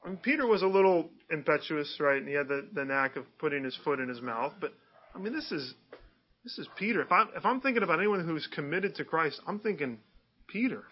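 A man's voice: a little high, lively intonation, fairly quick, breathy edge, lo-fi sound. A man preaching a sermon in a conversational way, often asking his listeners rhetorical questions. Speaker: pastor.

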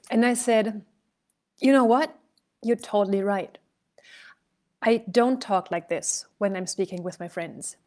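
Woman, speech coach, casual teaching talk, expressive, mid-pitched voice. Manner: expressive storyteller, shifts loudness to illustrate points.

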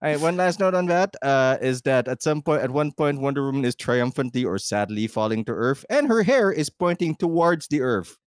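A man co-hosting a casual podcast, his pitch lively and swinging wide as he jokes. He laughs a lot, swears freely and slips into quick impressions of the people he quotes. The sound is dry and close, with no room around him. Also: clean tone, no echo. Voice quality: swearing, laughing, mimics lines in quoted voices. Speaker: podcast co-host. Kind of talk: casual chat.

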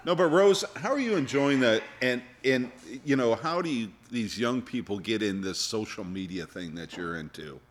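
A man's voice: medium pitch, lively intonation, normal speed, few pauses. A man hosting a podcast, blunt and crude in his teasing, then asking his guest questions. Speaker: podcast host. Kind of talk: casual chat.

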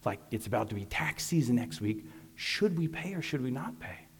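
A man voicing scheming male spies who feign innocence, talking in a soft, wheedling, falsely sincere way. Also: mid-range voice, sing-song, moderate pace, husky, long reverb tail, full character voice. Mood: pleading.

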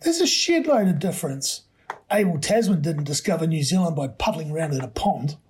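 A man's voice: a little high, animated, brisk, a little mellow, natural voice. A man voicing a stubborn, earnest seventeen-year-old boy who dreams of adventure.

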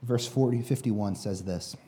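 A man's voice: on the low side, a little slow, mellow. A man preaching a sermon with emphatic delivery, speaking directly to the congregation and leading them along. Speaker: pastor.

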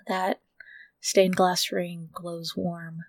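A woman narrating a tabletop game as game master in a slow, low-key descriptive way. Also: little pitch movement, no echo.

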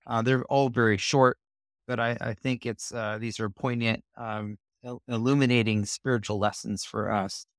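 A man co-hosting a Bible lesson discussion, explaining his points in a measured way. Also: medium pitch, steady tone, no room sound, studio quality. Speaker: co-host of a Bible study show.

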